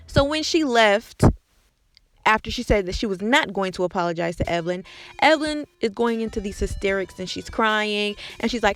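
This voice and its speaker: A woman hosts a chatty recap of a TV episode, talking it through with sassy, gossipy asides. Her voice sits at an ordinary pitch for a woman. Faint music plays quietly behind her. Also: expressive, moderate pace. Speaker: recap podcast host.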